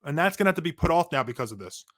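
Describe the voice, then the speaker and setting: A man co-hosting a sports podcast, ranting in a casual, animated way with frequent restarts, his voice going hoarse. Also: on the high side, very fast. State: losing his voice. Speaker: podcast co-host.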